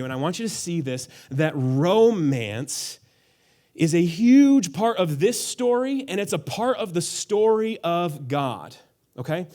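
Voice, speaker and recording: Young male pastor, lively sermon delivery, swinging melody, light on his feet with comic bits. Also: high voice, slow. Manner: playful, animated, acts out quotes in funny voices. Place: church auditorium.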